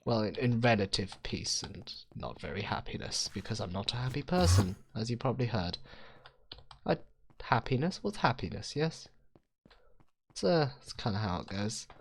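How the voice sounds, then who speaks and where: Gaming host, male, rambling self-mocking commentary, lively swooping pitch, faint keyboard clicks behind. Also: normal speed, a little hiss or hum. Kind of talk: casual game commentary.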